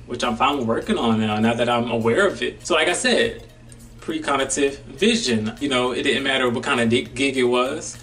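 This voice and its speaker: Laid-back male DJ vlogging in slang, mid-pitched voice, a bit off-mic. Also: fairly quick, a bit bright, recorded from a distance, faint music behind. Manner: laid-back and slangy, loose run-on phrasing. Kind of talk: casual reflective vlog.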